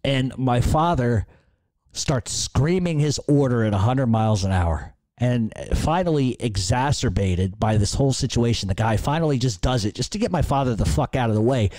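A man's voice: medium pitch, lively intonation, normal speed, a little mellow, no room sound. A man hosting a podcast, telling a rambling, profanity-laced story. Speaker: podcast host. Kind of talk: casual storytelling.

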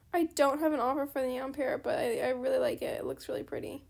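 High, gravelly-voiced chatty woman gamer. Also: fast. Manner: chatty, apologetic, easily excited. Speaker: gaming channel host. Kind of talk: casual gameplay commentary.

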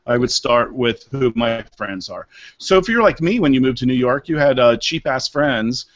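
Animated middle-aged man on a video call. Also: medium pitch, normal speed. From Maryland, USA. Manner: lively, animated storytelling with acted-out asides. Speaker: real estate broker, guest. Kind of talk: interview over a live video call. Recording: slightly dull lo-fi video call audio.

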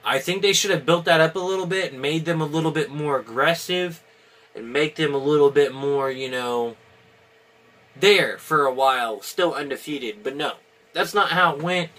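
A man's voice: fairly high pitch, moderate pace, fairly bright tone. A man giving a casual, opinionated video review, rambling with many restarts and fillers. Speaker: wrestling reviewer.

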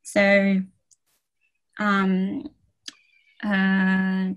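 Woman tutor, unhurried and chatty, filler-heavy casual delivery, video call audio. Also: medium pitch, little pitch movement, a bit bright, rough recording. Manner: slow, friendly, many ums and okays. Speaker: French tutor. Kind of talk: casual online language lesson.

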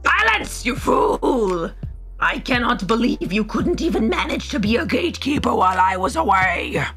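A woman's voice: high-pitched, lively intonation, measured pace, fairly bright tone, soft background music, pitched above the performer's own voice. A woman voicing a stern old male duke in a put-on mock British accent that drifts toward Scottish and Irish, haughty and stiffly formal. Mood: angry scolding. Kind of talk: live manga reading with voices.

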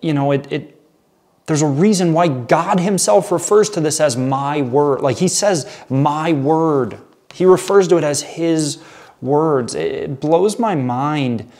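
A man's voice: on the high side, measured pace, a little mellow. Earnest man teaching Bible study. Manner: earnest, conversational, reads scripture aloud then rephrases it. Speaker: pastor.

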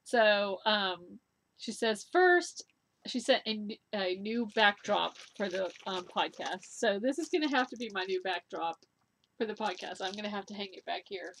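A woman's voice: medium pitch, lively intonation, moderate pace, vocal fry, fairly bright tone, slight background noise. A middle-aged woman hosting a knitting video podcast, chatting to camera in an enthusiastic, gushing way with many ums and laughs. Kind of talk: casual chat to camera.

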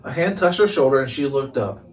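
A man narrating a chapter book aloud in calm, steady read-along storytelling. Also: mid-range voice, a little fast. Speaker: storybook reader. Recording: distant mic, faint hiss.

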